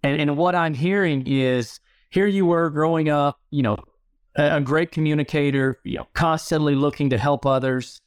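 A man's voice: a little high, normal speed, smooth, no room sound, clean studio sound. Man hosting a podcast, affirming tone. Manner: affirming, long winding questions. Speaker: podcast host. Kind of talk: conversational podcast interview.

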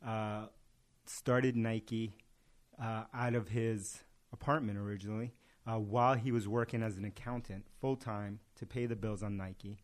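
A man's voice: on the low side, fairly even intonation, a little slow. A man in casual conversation, telling a story and acting out its dialogue. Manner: tells parables with acted-out dialogue.

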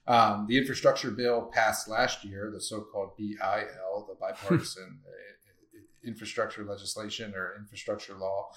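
A man with a somewhat low voice co-hosts a casual podcast conversation. He is blunt and opinionated and swears without thinking twice. He reasons out loud in long, rambling sentences. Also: fairly even intonation, moderate pace. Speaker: podcast co-host.

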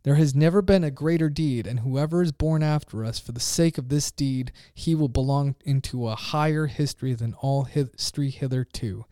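A man's voice: mid-range voice, normal speed, few pauses, warm tone, dry recording, clean studio sound, natural voice. A man voicing a frantic grown man who cries out urgent questions to a crowd, read in a declaiming way. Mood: anguished.

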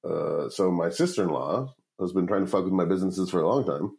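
A man with a fairly low voice tells a long, rambling story in a casual interview, full of swearing. He acts out the people he quotes with lively jumps in his delivery. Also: brisk, gravelly, low-quality recording. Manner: profane, rambling, animated quoting of others. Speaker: guest, startup founder.

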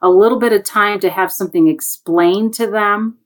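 Woman guest, mid-pitched, animated storyteller who does the quoted voices, on a video call. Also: moderate pace. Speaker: education guest on a panel. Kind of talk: conversational storytelling.

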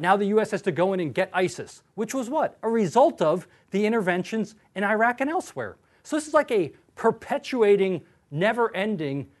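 Guy giving a lecture, high voice, swoops all over the place, pretty sarcastic. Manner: animated, sarcastic, acts out quotes.

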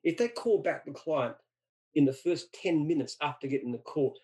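Emphatic, higher-pitched man from Australia. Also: animated, moderate pace, warm tone, rough recording. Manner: emphatic, repeats words when restarting. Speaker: franchise founder. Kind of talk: interview answers with anecdotes.

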